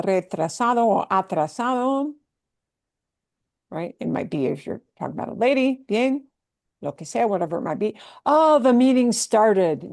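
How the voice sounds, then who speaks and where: A woman's voice: medium pitch, darkish tone. A woman teaching a Spanish class, who explains patiently, repeats words with the stress on the right syllable and keeps checking in with "yeah?" and "okay?". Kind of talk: online language class.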